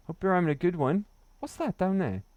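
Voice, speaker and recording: A man's voice: sits high, big pitch swings, brisk, darkish tone, dry recording. A man from Wales, chatting and laughing through a gaming livestream while reading his chat. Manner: chatty, laughs often, reads chat aloud. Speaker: streamer.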